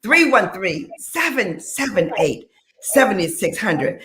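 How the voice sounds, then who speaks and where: A woman from Detroit opening a live radio talk show with high energy, repeating phrases for emphasis. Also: very animated, unhurried, pushed and bright, echoey room, slight background noise. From Detroit, Michigan.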